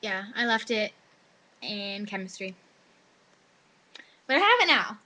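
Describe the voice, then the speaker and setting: A woman's voice: medium pitch, slow, a little hiss or hum. A teenage girl telling a casual story about her school day to her webcam, full of "like" and acted-out quotes of other people. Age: teens. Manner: chatty, lots of "like", quoting others in animated voices. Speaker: high school student. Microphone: webcam microphone.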